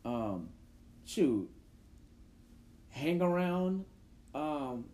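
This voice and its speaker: A man's voice: a little high, very animated, extremely slow, warm tone. A man hosting a podcast in casual chat, playful and laughing often. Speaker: podcast host.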